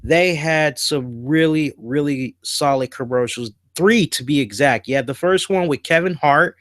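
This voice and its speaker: A man's voice: on the high side, a little slow, fairly bright tone, dry recording. Enthusiastic man hosting a casual review. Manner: enthusiastic, slangy, retells scenes with put-on voices. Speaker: podcast host.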